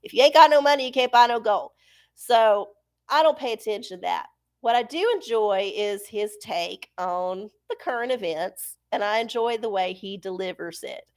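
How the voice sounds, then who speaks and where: A woman's voice: mid-range voice, moderate pace. A woman hosting a live stream, chatting casually and profanely with her viewers and laughing often. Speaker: livestream host. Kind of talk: casual live-chat talk.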